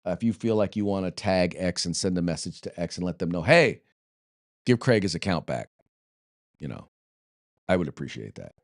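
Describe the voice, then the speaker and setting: A man's voice: low voice, fast, warm tone, no echo, clean studio sound. Joking American man hosting a commentary show. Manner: loose, joking, chatty with fillers and restarts. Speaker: podcast host. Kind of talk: casual political commentary.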